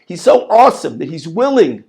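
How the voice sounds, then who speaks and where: Male rabbi teaching, emphatic, lively high pitch, gravelly. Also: brisk. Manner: emphatic, repeats words, rhetorical questions. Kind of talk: Torah lesson.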